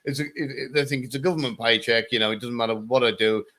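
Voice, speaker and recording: A man talking as a guest in a casual podcast chat, easygoing and halting, with many restarts. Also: mid-range voice, steady tone, fairly bright tone.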